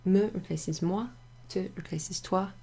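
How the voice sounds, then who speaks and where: A woman teaching a casual French grammar lesson to her club members, chatty and relaxed, with many fillers and asides. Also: fairly low pitch, measured pace, breathy edge. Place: home near a greenhouse.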